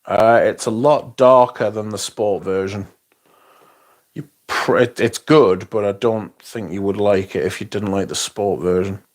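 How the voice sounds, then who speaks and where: A man's voice: fairly low pitch, measured pace, darkish tone. A sleepy man hosting a casual livestream, reading viewer comments aloud and answering them. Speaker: livestream host.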